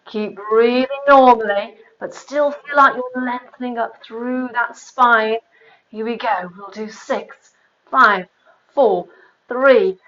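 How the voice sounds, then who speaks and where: A woman's voice: fairly high pitch, fairly bright tone, highs cut off. A woman pilates instructor leading a live workout, counting reps aloud and chatting between exercises, a little out of breath. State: slightly out of breath. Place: home room with exercise mat.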